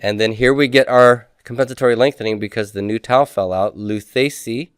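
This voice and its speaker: A man's voice: medium pitch, steady tone, a little fast, clean tone, no echo, studio quality. A man teaching a recorded lesson, asking his class questions and then answering them himself, and drilling word forms aloud. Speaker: Greek teacher. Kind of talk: recorded lecture.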